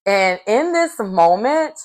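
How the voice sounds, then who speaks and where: A woman's voice: medium pitch, slow. A woman vlogger casually recapping a reality show episode, telling it animatedly and acting out quotes. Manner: animated storytelling, acts out quotes.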